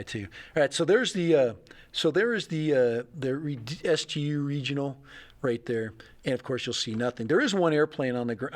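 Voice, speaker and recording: A middle-aged man hosting a casual livestream, rambling and thinking aloud with chuckles. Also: medium pitch. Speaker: livestream host.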